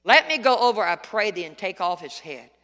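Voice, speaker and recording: A man's voice: sits high, big pitch swings, a little fast, bright, forceful tone, big-room sound. A middle-aged male pastor preaching a sermon, telling folksy stories with sudden emphatic outbursts.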